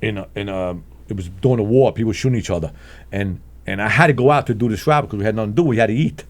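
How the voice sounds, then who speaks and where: A man's voice: fairly low pitch, rapid-fire. An older man, telling street stories as a guest in a casual chat, acting out the voices of the people in them. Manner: animated, acts out voices in his anecdotes, chuckles often. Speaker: guest storyteller. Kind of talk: casual storytelling.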